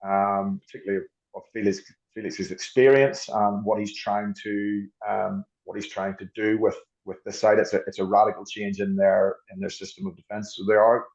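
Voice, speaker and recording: A man's voice: fairly low pitch, a little mellow, highs cut off. A man who coaches rugby, talking through ideas as a podcast guest, often restarting and repeating words as he thinks. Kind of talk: podcast discussion.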